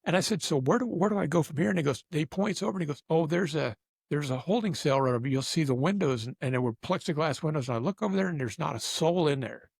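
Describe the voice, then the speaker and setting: A man's voice: on the high side, animated, fast, vocal fry, darkish tone, breathy edge, no echo, studio quality. A man telling a rambling, self-deprecating story in casual chat, often restarting his sentences. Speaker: guest storyteller.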